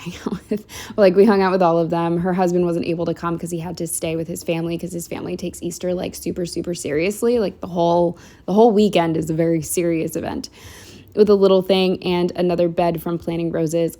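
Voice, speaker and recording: A woman's voice: on the low side, dark tone. A woman narrating a casual planner walkthrough at home, chatty and rambling with lots of "like" and "um". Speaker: planner vlogger.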